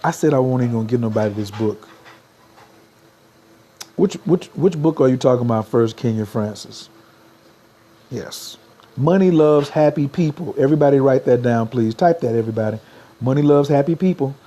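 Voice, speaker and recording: A man's voice: medium pitch, normal speed, long pauses, mellow. A man, giving a motivational livestream talk as a spiritual coach, repeating slogans and urging viewers to type them.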